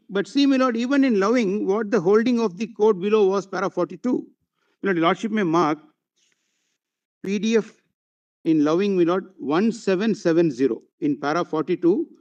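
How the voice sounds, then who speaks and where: A high-voiced man with an Indian English accent presents a formal courtroom argument, reading passages and citations aloud and addressing the bench as my lord again and again. The sound is muffled and dull, as if taken from a courtroom feed. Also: a little mellow. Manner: reads out passages and page citations. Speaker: advocate arguing before a court.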